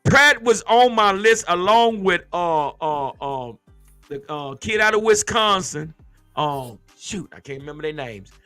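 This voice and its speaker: A man's voice: high voice, expressive, unhurried, bright, forceful tone, smooth, no room sound, faint music behind. A man hosting a casual sports podcast as a former player, ranting in a heated, emphatic, fired-up way.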